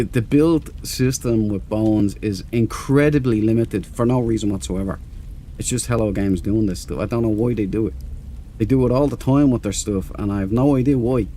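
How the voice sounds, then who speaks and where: A man's voice: lowish voice, mellow, slight background noise. A man hosting a casual game stream, chatty and self-mocking, greeting viewers in chat by name. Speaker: gaming livestream host.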